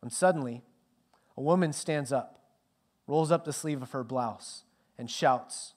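A middle-aged male pastor preaching a sermon with dramatic swings from loud emphasis to hushed near-whispers. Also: medium pitch, a little slow, long pauses.

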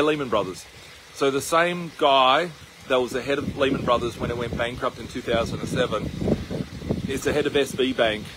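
A man's voice: mid-range voice, a bit bright, a little hiss or hum, rough recording. Rambling Australian man vlogging outdoors. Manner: rambling, with many fillers and restarts. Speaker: investment channel host. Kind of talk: casual to-camera vlog. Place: outdoors on his farm, walking.

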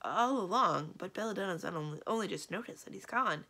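A woman reading aloud and voicing a lovestruck, excitable male magician who speaks in doting exclamations. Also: mid-range voice, fairly quick, gravelly, exaggerated voice.

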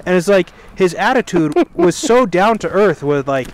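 A man's voice: high-pitched, lively intonation, unhurried, a little hiss or hum. A man co-hosting a casual religious podcast, telling a story in a rambling way and correcting himself as he goes, sitting outdoors by a fire. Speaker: podcast co-host.

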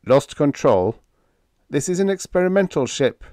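A man voicing an impersonal male radio controller giving flat, official orders. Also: on the high side, moderate pace, no room sound, studio quality, pitched above the performer's own voice. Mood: stern.

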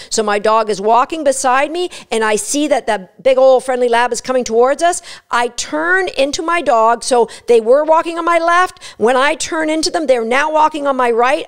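A woman explaining dog training step by step in an energetic, instructive way. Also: sits high. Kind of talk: instructional talk.

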